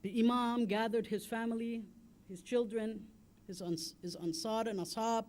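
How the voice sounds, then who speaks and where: High-voiced impassioned male preacher. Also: fairly even intonation, moderate pace, darkish tone, a little hiss or hum. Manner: impassioned, building to a wailing lament; recites Arabic in a chanting cadence. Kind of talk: Muharram sermon with elegy.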